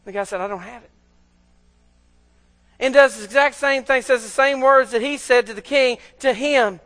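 A man preaching with a high-pitched, ringing voice. He keeps it conversational and keeps asking his listeners rhetorical questions. The sound carries a long reverb, as in a large hall. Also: a little fast, fairly bright tone. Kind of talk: sermon.

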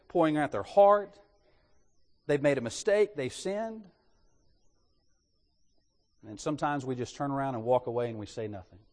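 A man preaching a sermon in an animated way, putting rhetorical questions to his congregation. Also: mid-range voice, long reverb tail.

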